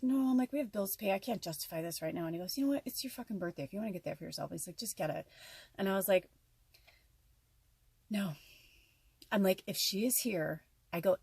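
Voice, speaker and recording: A woman telling a personal story in a casual vlog, excitable, swearing often and acting out her own dialogue. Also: lowish voice, breathy edge, no echo.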